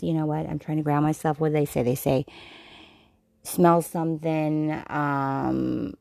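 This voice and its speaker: A tipsy woman hosting a comedic tarot reading stream, rambling and swearing in a jokey deadpan way. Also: low-pitched, gravelly, husky, no echo, studio quality. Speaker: host.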